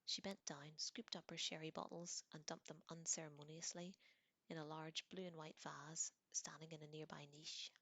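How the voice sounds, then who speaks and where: A woman reading a novel aloud in a calm, hushed voice, partly whispered. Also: low voice, moderate pace, no room sound. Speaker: audiobook reader.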